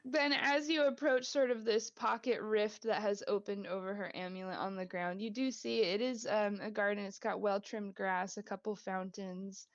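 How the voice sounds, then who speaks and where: A woman's voice: mid-range voice, steady tone, normal speed, hardly any pauses, no echo. A woman narrating as dungeon master of a tabletop game, rambling with fillers and laughing often. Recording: dull lo-fi mic.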